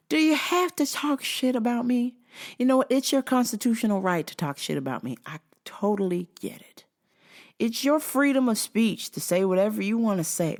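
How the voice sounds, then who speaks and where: A woman's voice: on the low side, fairly bright tone. A woman in her thirties telling blunt, profane stories in a casual vlog monologue. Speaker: vlogger and store clerk.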